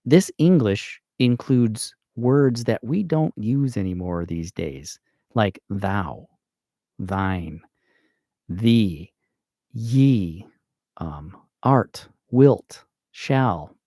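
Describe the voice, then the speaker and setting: American guy slowly thinking out loud about grammar, lowish voice, dry close sound. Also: expressive, no room sound. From United States. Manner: slow and thinking aloud, with fillers and self-corrections. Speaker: channel host. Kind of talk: casual grammar explainer livestream.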